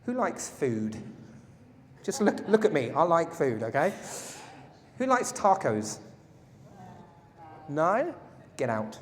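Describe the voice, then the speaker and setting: A man teaching a live self-defense class, his voice a bit high for a man. He jokes with the group and keeps quizzing them. The sound rings through a large hall with a long reverb. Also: sing-song, slow, long pauses. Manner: playful, jokey, asks the audience questions. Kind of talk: live workshop lecture to a group. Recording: echoey hall.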